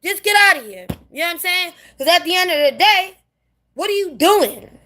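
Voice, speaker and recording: A woman's voice: very high-pitched, very animated, moderate pace, sharp tone. A woman from New City, ranting bluntly and sassily to camera in a casual monologue, swearing freely. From New York City. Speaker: vlogger.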